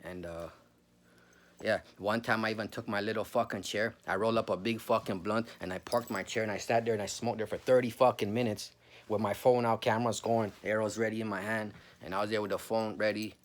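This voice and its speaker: A man's voice: lowish voice, fairly even intonation, a little fast. A man in his forties telling a spooky personal story in a rambling, profane, casual way, calling the listener bro.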